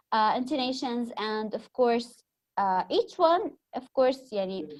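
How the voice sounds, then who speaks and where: A young woman with an Egyptian accent giving a classroom lecture, patiently explaining terms and quizzing her students. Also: fairly high pitch. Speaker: teacher.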